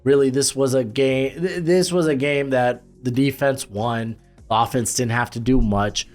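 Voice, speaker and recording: A man's voice: mid-range voice, fairly even intonation, normal speed, a little mellow, soft background music. A man giving casual football commentary as host, loose and rambling with lots of fillers and restarts.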